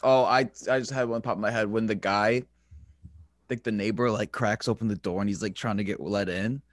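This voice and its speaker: A young man chatting casually, relaxed and laughing as he retells scenes. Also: lowish voice, brisk, dry recording, studio quality. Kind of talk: casual chat.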